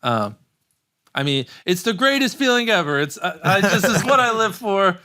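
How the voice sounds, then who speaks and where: A man's voice: high-pitched, very animated, moderate pace, pushed and bright. A man as a podcast guest in casual chat, telling stories in a rambling way with many filler words and easy laughs.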